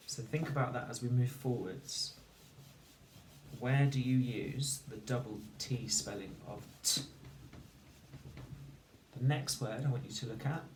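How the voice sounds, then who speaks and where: A man teaching a phonics lesson, slowly and carefully sounding out each word for young learners. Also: mid-range voice, noisy background. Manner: slow, deliberate, sounding out words. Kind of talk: recorded spelling lesson. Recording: echoey room, mic at a distance.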